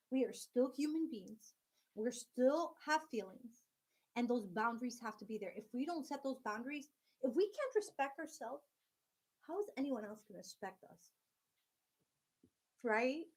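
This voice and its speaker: A woman hosting a casual live stream from home, chatting directly with her viewers and laughing often. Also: on the high side.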